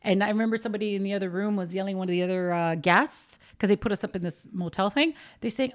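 A woman's voice: mid-range voice, fast, few pauses. A middle-aged mother chatting as a podcast guest, recalling her kids' childhood with laughter and acted-out quotes. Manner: animated, laughing, acts out quotes. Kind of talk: casual chat.

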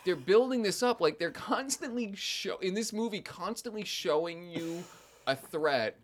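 A man co-hosting a casual movie chat, animated and laughing often as he acts out scenes. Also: high-pitched, a little slow. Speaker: podcast co-host.

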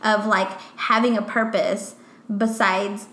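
A woman's voice: medium pitch, level tone, takes it slowly, a bit bright. A young woman co-hosting a podcast, chatting casually and animatedly with a friend, peppering her talk with "like" and acted-out quotes. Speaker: podcast co-host. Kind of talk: casual chat between friends. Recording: echoey room.

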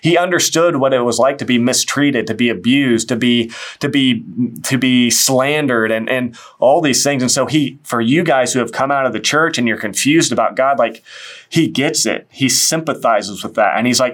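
A man's voice: mid-range voice, moderate pace, fairly bright tone. A man hosting an interview, talking earnestly and encouragingly about faith, with many restarts. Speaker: interviewer, show host. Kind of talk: casual faith conversation.

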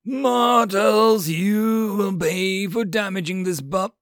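A man's voice: sits high, takes it slowly, a bit bright, no room sound, studio quality, voice pushed up, heavily acted. A man voicing a wounded, raging holy warrior man who screams curses and battle cries in an audiobook reading. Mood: wrathful.

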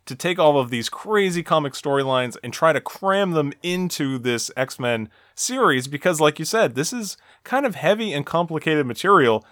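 A man's voice: fairly high pitch, expressive, normal speed, few pauses, a bit bright, dry recording, studio quality. A man hosting a podcast, recapping a cartoon episode in a casual, conversational way with frequent restarts. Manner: conversational, stumbling restarts, laughing. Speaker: podcast host.

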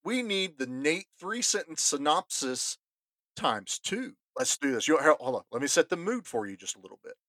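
A man's voice: on the high side, big pitch swings, moderate pace, fairly bright tone, no room sound. Enthusiastic podcast co-host man. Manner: enthusiastic, restarts often. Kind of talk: casual movie review chat.

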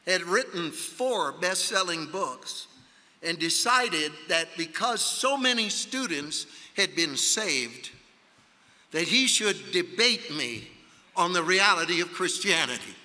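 A man preaching a sermon at a conference, telling a story emphatically and rising to shouts. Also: high voice, sing-song, takes it slowly. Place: large conference hall. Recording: long hall reverb.

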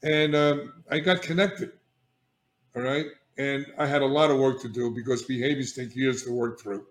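An older man, a guest on an interview, telling his recovery story in an animated, emphatic way, often restarting sentences and checking in with "all right?". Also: mid-range voice, normal speed. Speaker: guest, addiction therapist. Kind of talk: candid personal storytelling. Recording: echoey room.

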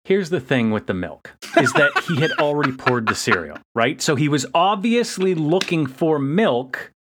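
Animated man ranting in a casual recap. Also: a little high, normal speed, over music. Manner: exasperated, ranting, laughing often. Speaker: podcast co-host.

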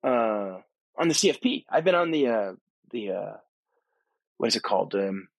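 A man's voice: medium pitch, expressive, moderate pace, creaky, dry recording. A man hosting a podcast, talking casually and enthusiastically on location at a conference, rambling with many fillers and restarts. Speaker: podcast host. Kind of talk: casual spoken monologue. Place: on location at a tech conference abroad.

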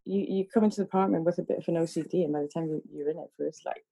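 Spanish woman, Scottish-tinged accent, podcast guest, soft husky mellow voice, laughs a lot. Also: on the low side, steady tone, racing. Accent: Spanish with a Scottish lilt. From Spain. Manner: laughs often, rambling with restarts. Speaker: podcast guest, focus puller. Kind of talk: casual interview chat.

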